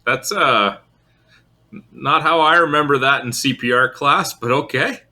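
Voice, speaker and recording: A man's voice: medium pitch, measured pace, bright, forceful tone. A man co-hosting a podcast in casual chat, tossing in short wry quips. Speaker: podcast co-host.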